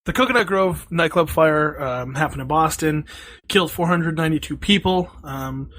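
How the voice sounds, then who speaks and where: A young man co-hosting a casual comedy podcast, presenting his research hesitantly with many pauses. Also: a little high, fairly bright tone, poor audio. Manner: unhurried, hesitant, full of ums and pauses. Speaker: podcast co-host.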